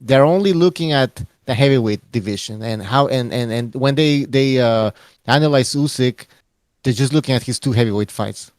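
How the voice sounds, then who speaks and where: Halting, word-repeating podcast co-host man. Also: mid-range voice, dry recording, studio quality. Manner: halting, repeats words while reasoning. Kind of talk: casual boxing podcast chat.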